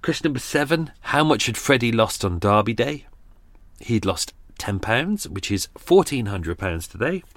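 A man's voice: mid-range voice, big pitch swings, moderate pace, fairly bright tone, no echo. A man hosting a podcast, wrapping up a true-crime episode with casual, rambling chat and quiz questions. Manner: chatty, rambling, with asides and laughs. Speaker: podcast host.

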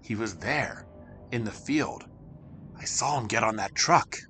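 A man doing a timid, hushed young boy. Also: lowish voice, lively intonation, measured pace, breathy edge, soft background music, full character voice. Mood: worried. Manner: hushed and unsure.

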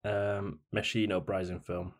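A man's voice: lowish voice, flat delivery, measured pace. A man on a video call as a podcast guest, talking hesitantly with many fillers. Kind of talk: casual chat. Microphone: remote call mic.

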